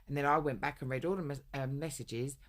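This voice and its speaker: A woman's voice: rumbling low, fairly even intonation, brisk. A woman telling a long personal story in a rambling, blunt way, swearing often. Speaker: vlogger. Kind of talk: casual storytelling rant.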